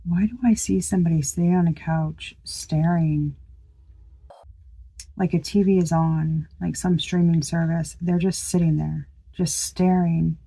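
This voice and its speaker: A woman's voice: fairly low pitch, fairly even intonation, a little slow, gravelly, dark tone, breathy edge, poor audio. A woman giving a casual tarot reading to her viewers, chatty and exclamatory, swearing freely and thinking aloud with restarts. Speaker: tarot reader.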